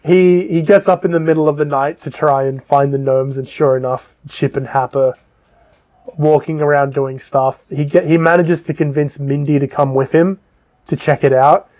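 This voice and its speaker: A man with a fairly high, fairly even voice co-hosts a casual podcast at normal speed, his tone a little mellow. He loosely retells a book's plot, rambling with frequent ums and profanity.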